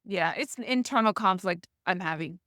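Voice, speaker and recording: A woman's voice: mid-range voice, moderate pace, fairly bright tone, no echo, studio quality. A woman co-hosting a podcast, talking casually in a hesitant, self-conscious way that trails off. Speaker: podcast co-host. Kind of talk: casual chat.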